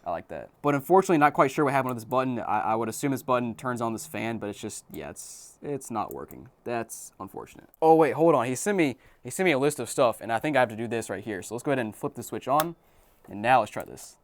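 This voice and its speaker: Young male host, fast and chatty, dry close sound, middle pitch, excitable unboxing vlogger. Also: no echo. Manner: excited, exclaims often. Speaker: video host. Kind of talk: casual unboxing commentary.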